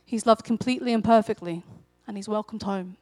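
A woman preaching a sermon in a conversational storytelling manner, growing animated when she acts out quotes. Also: mid-range voice, a little fast, no echo.

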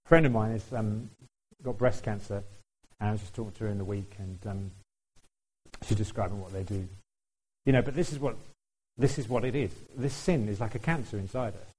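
A man's voice: on the low side, a little fast, long pauses, darkish tone, husky, poor audio. Conversational male preacher. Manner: conversational, asks the congregation questions, laughs now and then. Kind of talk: sermon.

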